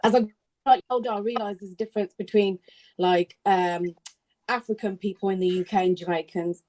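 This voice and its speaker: A woman's voice: medium pitch, fairly even intonation, brisk, dark tone, rough recording. A woman hosting a heated panel debate, talking bluntly and swearing. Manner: blunt, swears, mocks in put-on voices.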